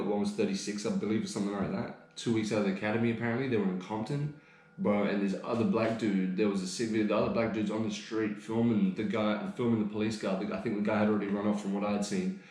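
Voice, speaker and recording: A man's voice: on the low side, steady tone, fast, darkish tone. An Australian man rants on a casual podcast, heated and swearing often. His voice rings out in a very echoey room. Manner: heated, profane, ranting. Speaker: podcast co-host.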